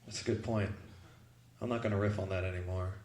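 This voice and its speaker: A man's voice: low-pitched, steady tone, fast, darkish tone, echoey room, slight background noise. A man emceeing a comedy show, introducing comedians with joking, conversational banter.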